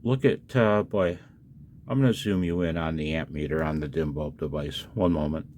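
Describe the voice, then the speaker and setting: A man's voice: extremely low pitch, moderate pace, a little mellow, slight background noise. A tired man, up late at night, casually demonstrating a hobby device and chatting to the viewer with questions and chuckles.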